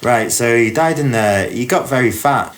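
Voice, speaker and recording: A man's voice: mid-range voice, animated, normal speed, noisy background. A man from Doncaster, England, co-hosting a comedy podcast in casual, rambling chat full of "like" and "um". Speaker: podcast co-host.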